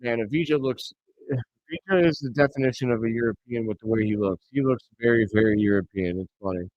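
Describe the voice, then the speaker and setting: A man hosting a live reaction stream, calling the action play by play and bursting into excited shouts on big plays. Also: mid-range voice, a little fast, no echo. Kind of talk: play-by-play commentary. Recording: dry, slightly dull home mic.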